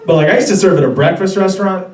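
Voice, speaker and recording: A young man in his twenties races through a rambling, self-deprecating stand-up set at a club, full of stammered restarts. His voice is high, and there's background noise. The recording is roomy and distant, with audience laughter from the crowd.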